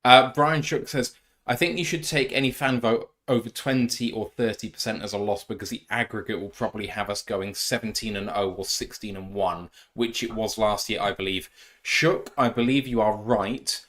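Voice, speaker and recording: A man's voice: lowish voice, fairly even intonation, moderate pace, fairly bright tone. A man co-hosting a live fan show, chatting casually and reading out viewer messages. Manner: reads out chat messages, chatty and joking. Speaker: podcast co-host. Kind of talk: casual live-stream chat.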